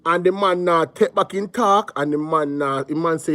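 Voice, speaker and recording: A man's voice: a little high, normal speed, sharp tone, dry recording. A man with a Jamaican accent hosts a live reaction show. He repeats his points with emphasis and greets viewers by name between comments.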